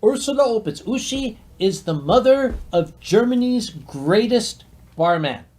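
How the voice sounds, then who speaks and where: A man in casual chat, talking slowly and haltingly with many fillers as he introduces a guest on a stream. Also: high voice, expressive, a little mellow.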